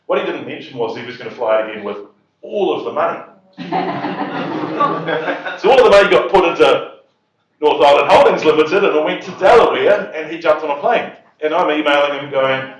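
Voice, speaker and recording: A man's voice: fairly high pitch, animated, brisk. A man telling a humorous story to an audience at a property investors' event, chuckling at his own punchlines. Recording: echoey hall, distant mic, dull sound.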